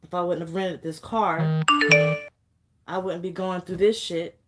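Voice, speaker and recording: A woman's voice: on the low side, steady tone, unhurried, loud music behind the voice. Angry young woman ranting, near tears. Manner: angry, profane, on the verge of tears. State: fighting back tears. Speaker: vlogger. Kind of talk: emotional vlog rant.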